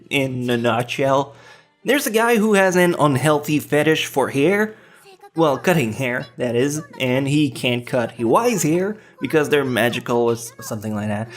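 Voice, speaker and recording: A man with a French accent hosting a countdown list in a cheeky, joking way, with some swearing. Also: a little high. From France. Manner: cheeky, swears, teasing jokes. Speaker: anime list host. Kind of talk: scripted countdown commentary.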